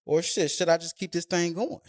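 A man's voice: fairly high pitch, fairly even intonation, a little fast, darkish tone, no echo, studio quality. A man hosting a podcast in casual chat, talking loose and slangy and often asking "you know what I mean". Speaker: podcast host.

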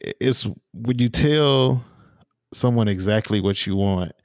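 A man co-hosting a podcast, telling stories in a relaxed, casual way with lots of fillers and restarts. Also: mid-range voice, a little slow, no room sound, studio quality. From small town in the US. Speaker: podcast co-host. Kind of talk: casual chat.

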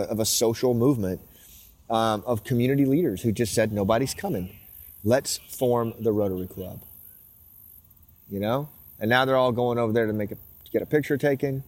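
A man's voice: mid-range voice, darkish tone. A man in his fifties hosting a podcast, talking earnestly and with growing passion as he walks outdoors. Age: 50s. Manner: earnest, emotional, builds to passionate. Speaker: podcast host. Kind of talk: casual walking monologue. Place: outdoors in a small river town.

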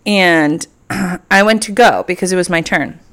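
Young female podcaster, solo casual chat, petty and playful, sits a little low in pitch. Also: unhurried, a bit bright. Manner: chatty, playfully petty, lots of filler "like". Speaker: podcast host.

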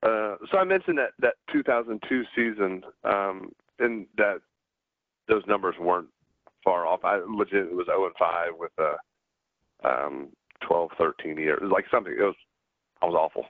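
A middle-aged man with a Southern US accent, a guest in a casual interview, telling stories in a halting way with many restarts. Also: sits low, no echo. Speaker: guest, former pro pitcher. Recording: dry, tinny phone-like line.

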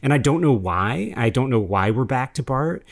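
A man with an ordinary middle-pitched voice talks his way through notes on a script, rambling and hesitant. This is casual comic banter between podcast hosts. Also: animated, moderate pace, vocal fry. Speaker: podcast co-host.

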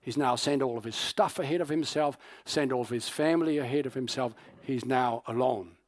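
A man's voice: mid-range voice, a little fast, no room sound, clean studio sound. A man preaching a sermon, retelling a story with acted-out quotes and frequent fillers. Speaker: pastor.

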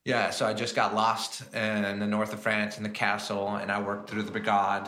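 A man, a chef and guest on a podcast, telling his stories in a casual, animated way with plenty of fillers. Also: fairly low pitch, normal speed. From United States. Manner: animated, lots of fillers and acted-out quotes. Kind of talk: casual storytelling chat.

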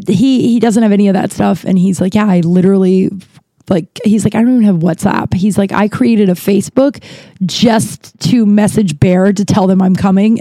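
Woman, podcast host, casual chat, rambling, candid, mellow voice, dry sound. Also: mid-range voice, dry recording. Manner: rambling, candid, lots of fillers and restarts.

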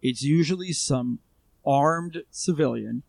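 Gravelly man telling a story casually. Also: on the high side, takes it slowly, darkish tone, no echo. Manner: conversational, many fillers and restarts. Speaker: guest, armed civilian responder. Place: Israel.

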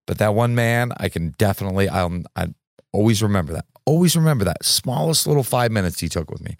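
A man hosting a podcast with a low, gravelly voice, recorded close and dry. He speaks reflectively, circling back and restarting his sentences as he thinks aloud. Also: lively intonation, fast, dry recording. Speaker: podcast host. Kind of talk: casual conversation.

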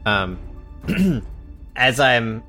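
A man's voice: medium pitch, sing-song, extremely slow, pushed and bright, faint music behind. A man playing a tabletop game, speaking hesitantly with many restarts. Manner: hesitant, stammering, full of restarts. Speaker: player. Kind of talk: tabletop role-play.

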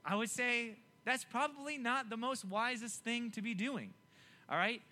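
A young man preaching a youth sermon, animated and emphatic, often repeating himself to keep listeners engaged. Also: very high voice, unhurried. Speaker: youth pastor.

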